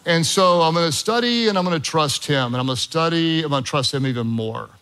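A man's voice: fairly high pitch, a little fast, a bit bright, clean tone. A middle-aged man preaching a sermon, telling a story with jokey asides to his congregation. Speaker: pastor.

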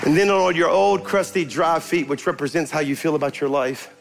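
An older man preaches in a church with a voice pitched a little high for a man. He moves between animated storytelling and forceful preaching, with soft music playing under his words. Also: a little fast, gravelly. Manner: animated storytelling, rising to forceful preaching then quiet prayer. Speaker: pastor. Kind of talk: sermon. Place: church sanctuary.

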